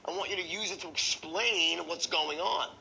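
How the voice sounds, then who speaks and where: A man teaching a sales training session, animated and profane, acting out the tones of voice he teaches. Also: sits high, moderate pace, vocal fry, dull audio, slight background noise.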